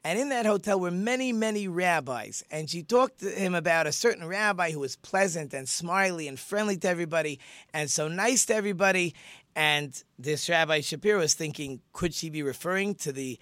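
A middle-aged rabbi hosts his radio talk show, rambling warmly through a story with plenty of ums and restarts. His voice sits a little high and rings bright and forceful. The sound is close and dry, as from a studio. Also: animated, fairly quick, no echo. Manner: conversational and chatty, many fillers and restarts.

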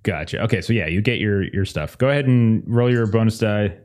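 A man running a tabletop game as game master, relaxed and casual, often repeating words. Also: lowish voice, brisk.

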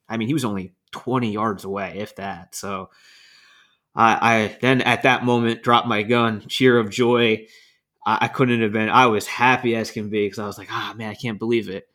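A man co-hosting a podcast, telling a story in a casual, animated way with laughs and swearing. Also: mid-range voice. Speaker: podcast co-host.

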